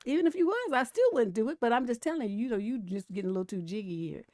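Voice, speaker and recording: A middle-aged woman hosting a livestream advice show, talking bluntly and profanely, swinging from mellow to heated and laughing between points. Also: on the high side, lively intonation, racing, dry recording, clean studio sound. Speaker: relationship coach hosting a livestream. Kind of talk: casual livestream advice talk.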